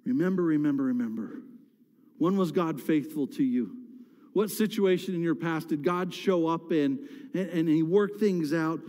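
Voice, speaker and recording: A male pastor preaching a sermon, swinging between loud pleading cries and hushed whispers in a church. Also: fairly high pitch, unhurried. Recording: reverberant hall.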